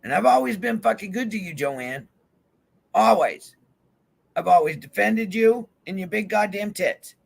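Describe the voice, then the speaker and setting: Speaking a little slowly with vocal fry, a man with a high, expressive voice vents furiously on his vlog. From his van, the YouTuber curses his way through an angry rant to camera, confronting people directly.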